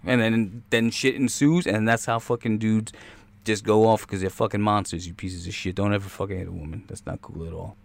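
A man's voice: on the low side, fairly even intonation, brisk, creaky. A man doing crude, rambling comedic commentary over a movie trailer, cursing constantly and slipping into impressions. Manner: profane, rambling, jumps into impressions.

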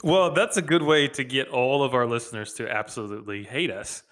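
A man's voice: medium pitch, steady tone, fairly quick, fairly bright tone. A man co-hosting a podcast, chatting casually in an upbeat way with many fillers over a video call. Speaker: podcast co-host.

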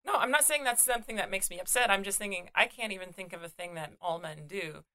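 A woman's voice: mid-range voice, quick pace, sharp tone. A young woman from California co-hosting a casual podcast chat, blunt and sardonic. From California, USA. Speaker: podcast co-host, comedian.

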